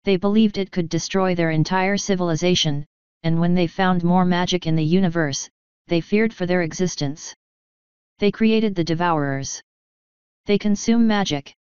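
Bedraggled female unicorn, bitter and desperate, a woman reader voicing her; smooth, low tone. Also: steady tone, normal speed, darkish tone, dry recording, muffled recording, natural voice. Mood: subdued. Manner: bitter, intense.

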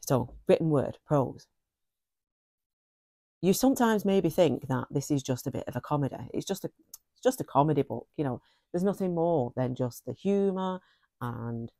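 A woman's voice: extremely low pitch, dark tone, no echo, clean studio sound. A middle-aged woman giving a casual, effusive book review, often repeating phrases for emphasis.

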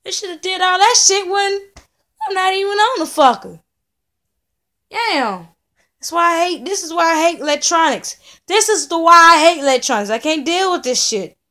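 A woman's voice: very high voice, expressive, moderate pace, sharp tone. A furious young woman, ranting into a camera in her home studio in a profane, repetitive vlog rant. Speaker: vlogger. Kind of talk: angry venting vlog. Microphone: camera in front of her.

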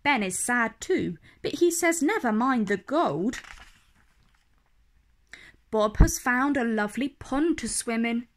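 A woman reading a picture book aloud for children, in a slow, clear, expressive way. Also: on the high side. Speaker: storyteller.

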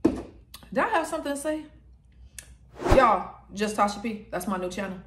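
In a very noisy, echoey recording, a young female vlogger reviews food mukbang-style at a moderate pace. Her medium-pitched voice is animated, and she hums while tasting and talks in between bites.

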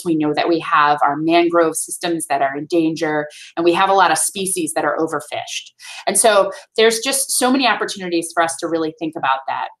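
Midwestern expert woman, low-ish voice, friendly explainer, video-call sound. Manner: friendly, explanatory, asks "right?" often. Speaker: sustainability expert guest. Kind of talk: answering kids' questions in a virtual classroom.

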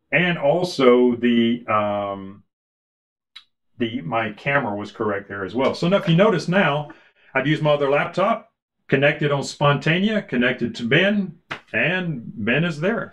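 A man walking through a conference audio setup in a casual, chatty way, with fillers and restarts, heard through a ceiling array microphone. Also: medium pitch. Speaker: product demo presenter. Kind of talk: casual product walkthrough. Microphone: ceiling beamforming array mic.

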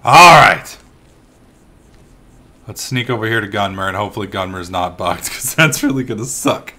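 A young man hosting a let's play, commentating excitably and shouting curses at the game. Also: fairly low pitch, moderate pace. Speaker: gaming channel host.

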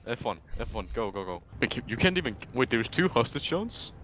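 Animated male gamer shouting callouts. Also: medium pitch, heavy background noise. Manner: swearing, quick shouted callouts. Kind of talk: live gaming banter.

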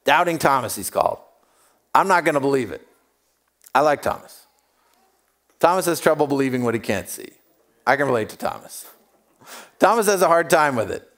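A man's voice: on the high side, expressive, normal speed, pauses often, a bit bright. A man preaching a sermon, telling stories with humor and acting out the voices of the people in them. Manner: humorous and self-deprecating. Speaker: pastor.

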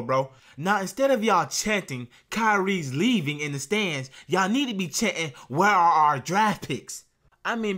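A young man rants through a casual reaction vlog in a bright, forceful voice that sits a little high. He talks trash with brash slang and keeps tossing in bro and man. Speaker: YouTube reaction host.

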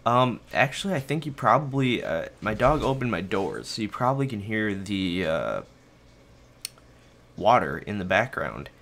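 A man's voice: fairly low pitch, very animated, normal speed, gravelly, a bit bright. A young man hosting a casual game video from his bedroom, rambling and joking at his own expense while he plays. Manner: rambling, self-mocking, talks to viewers and his dog. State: a bit out of breath. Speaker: gaming video host. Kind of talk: casual let's-play commentary. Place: bedroom at home.

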